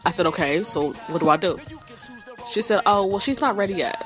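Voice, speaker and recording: A woman with a somewhat low voice tells a story as a casual rant, swearing freely and throwing in sassy asides. Her delivery is animated. Faint music plays behind her. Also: fast talker.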